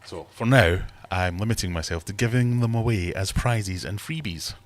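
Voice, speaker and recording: Man, british accent, thirties, very low voice, rambling livestream host, jokey, reads chat aloud. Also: moderate pace. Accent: British English. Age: 30s. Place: home fish room.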